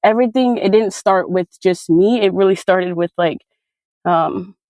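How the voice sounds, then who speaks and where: A woman in her twenties from California, a guest speaker giving an emotional personal testimony, halting and tearful, with many fillers. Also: medium pitch, a little mellow, no echo. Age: 20s. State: crying.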